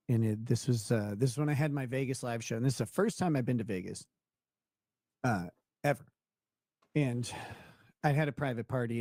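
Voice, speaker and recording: A man's voice: medium pitch, warm tone, dry recording, clean studio sound. Rambling young man telling a story. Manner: rambling, restarts, laughs at own story. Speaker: show host. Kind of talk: casual storytelling chat.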